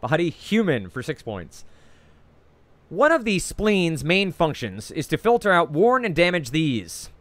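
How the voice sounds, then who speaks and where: A man with a New Jersey accent hosts a trivia quiz over a video call, reading each clue twice before calling on players. His voice sits a bit high and swings lively up and down. The sound is close and dry, with no room around it. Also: no echo. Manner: reads each clue twice, brisk and chatty, with frequent "uh". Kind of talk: reading trivia clues and scoring.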